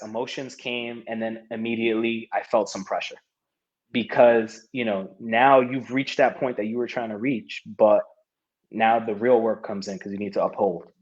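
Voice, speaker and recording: A man in his thirties, a podcast guest, telling stories in a casual interview, laughing often and acting out what people said. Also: lowish voice. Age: 30s. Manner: animated storyteller who laughs often and acts out quoted lines. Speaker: podcast guest, martial arts competitor. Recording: dull lo-fi audio.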